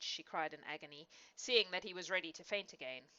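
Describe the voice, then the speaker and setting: Brief: woman audiobook narrator, low bright voice, expressive, dull lo-fi recording. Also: a little fast, hardly any pauses. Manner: expressive storytelling. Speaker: audiobook reader.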